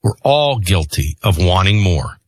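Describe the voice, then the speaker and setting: Husky middle-aged man ranting. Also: sits low, a little slow, dry recording. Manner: animated, rambling, swings between stories and rants. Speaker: host. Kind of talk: opinion monologue with storytelling.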